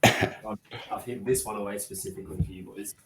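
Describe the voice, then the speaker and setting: A man co-hosting a casual podcast, relaxed and jokey, swearing now and then. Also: lowish voice, fast talker, slight background noise. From Australia. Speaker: podcast co-host.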